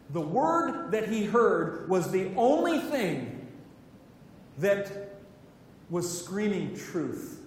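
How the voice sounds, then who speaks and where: A man preaches in a big hall, and his high voice rings with a long echo. He sounds a long way from the mic, with faint noise behind him. He tells the stories with energy and gives each character a voice of their own. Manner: animated storytelling, acting out characters' lines. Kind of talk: sermon. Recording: echoey hall, voice from far off.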